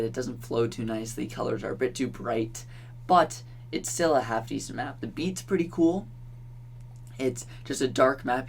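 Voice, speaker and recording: A young man hosts his gaming channel in a casual, chatty commentary. His voice sits at a middling pitch, and a faint hum runs under the recording. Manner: chatty and offhand, with frequent ums and little laughs.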